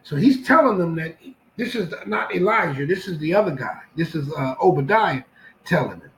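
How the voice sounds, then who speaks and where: A man acting as a Bible teacher, reading scripture aloud and adding commentary. He reads slowly, restarts phrases and breaks in with casual asides. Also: fairly high pitch, expressive, fairly bright tone, low-quality recording.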